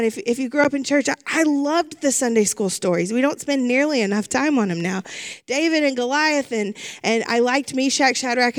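A middle-aged woman preaches a sermon in a fairly high voice. She speaks earnestly and leans on repeated phrases to drive her point home. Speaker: pastor.

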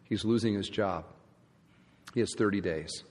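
A man's voice: fairly low pitch, normal speed, darkish tone. Emphatic male pastor in a reverberant hall. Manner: emphatic, asks the congregation rhetorical questions. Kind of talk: sermon. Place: church sanctuary. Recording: long church hall reverb.

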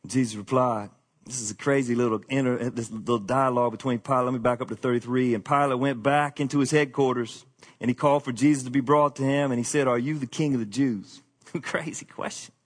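A man preaching a sermon in a lively, colloquial way. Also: mid-range voice, brisk, big-room sound. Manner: animated preaching with colloquial asides. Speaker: pastor.

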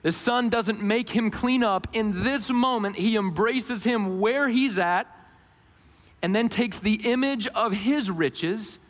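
A man delivers a sermon in a high, earnest voice. His questions climb and his key points drop low and slow. A long hall reverb trails every phrase. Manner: earnest, rises for questions and drops low for emphasis. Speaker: pastor.

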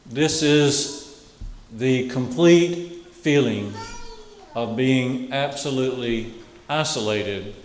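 A man preaching a sermon who repeats key phrases and lets them fall to a hush. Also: mid-range voice, drawn-out words, pauses often, echoey room, big-room sound, a little hiss or hum, rough recording.

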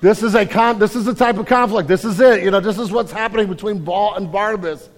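Animated high-voiced male pastor. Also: fast. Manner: animated, acts out quotes loudly. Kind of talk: sermon. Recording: hall reverb.

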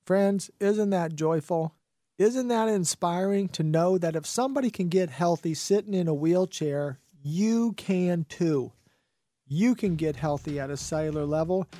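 This radio talk show host has a high, warm voice and delivers preachy, fervent motivational talk, hammering home his points by repeating phrases. He speaks into a studio microphone in a radio studio.

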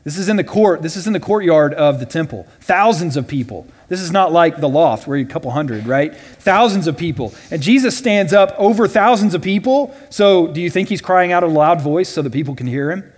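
A man teaching a Bible study class in a casual way, often checking in with "right?" and voicing quoted lines loudly and dramatically. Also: on the high side, lively intonation, fairly quick, few pauses. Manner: conversational, with frequent "right?" and "all right?" check-ins. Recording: long reverb from a large hall.

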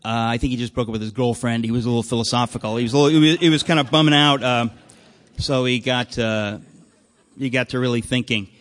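A male host opens a live evening event with rambling, deadpan jokes and lots of fillers. His voice sits at a middle pitch. It rings out with the long reverb of a hall through a PA. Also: fast talker. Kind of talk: comic live introduction.

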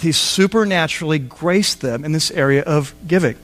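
A man's voice: a little high, a little fast, hardly any pauses, a bit bright. A man preaching a sermon on a Bible passage, talking conversationally with asides and acted-out quotes. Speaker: pastor.

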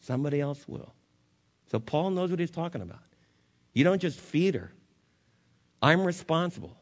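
A male pastor preaching a sermon and leading a closing prayer, earnest, rising to emphatic peaks and then dropping soft. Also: on the high side, big pitch swings, normal speed.

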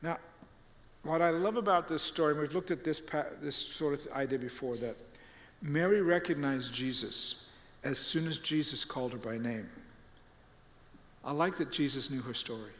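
A man preaching a sermon and retelling stories with lively quoted voices. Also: fairly high pitch, normal speed, long reverb tail. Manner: animated storytelling, acting out quoted voices. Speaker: pastor.

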